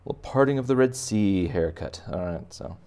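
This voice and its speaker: Gravelly low-voiced man teaching drawing. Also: expressive, moderate pace, mellow. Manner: chatty, joking asides while sketching. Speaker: art teacher. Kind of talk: casual drawing tutorial for kids.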